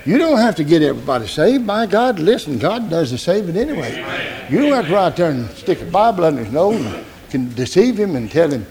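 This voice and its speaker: An older man preaching with a drawl, his voice pitched high and rough with a gravelly edge. He talks in a folksy way, with laughing asides, and swells into shouts in bursts. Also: big pitch swings, a little fast, crowd noise. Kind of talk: sermon.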